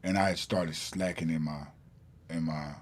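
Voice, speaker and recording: A man's voice: a bass voice, fairly even intonation, moderate pace. A man, a podcast guest telling a long story in a rambling way with many fillers and restarts. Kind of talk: casual storytelling in an interview.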